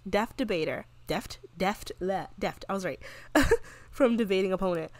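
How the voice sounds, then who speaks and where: A young woman casually commentating a life-simulation game, chatty and excitable. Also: mid-range voice, normal speed, no room sound. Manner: chatty, excitable, with frequent gasps and laughs. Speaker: gaming video creator. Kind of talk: casual let's-play commentary.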